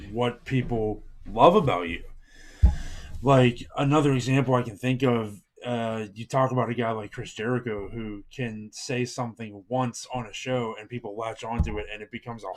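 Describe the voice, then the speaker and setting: A man hosting an interview, asking measured questions with frequent fillers. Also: medium pitch. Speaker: interview host. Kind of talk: podcast interview.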